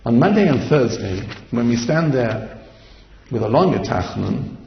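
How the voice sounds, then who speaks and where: Impassioned rabbi with a gravelly voice. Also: male voice, mid-range voice, lively intonation, moderate pace, roomy sound, long reverb tail, lo-fi sound, a little hiss or hum. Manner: impassioned, asks repeated rhetorical questions, chants verses. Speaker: rabbi giving a Torah class. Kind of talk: sermon-style Torah lecture.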